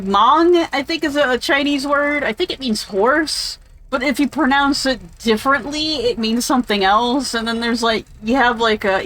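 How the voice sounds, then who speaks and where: A woman's voice: on the high side, fairly bright tone, rough recording. A woman giving casual, rambling gameplay commentary, chatty and opinionated, drifting off into tangents and swearing offhandedly. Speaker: game streamer.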